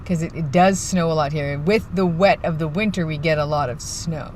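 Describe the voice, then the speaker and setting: A vlogger from the East Coast talks to a phone camera from inside a parked winter car, chilled and short on sleep. The chat rambles loosely, at a mid pitch, and now and then drops into hushed, half-mumbled asides. A faint engine and car hum sits behind the voice. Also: moderate pace. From East Coast of Canada. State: cold and tired, yawning. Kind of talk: casual vlog chat.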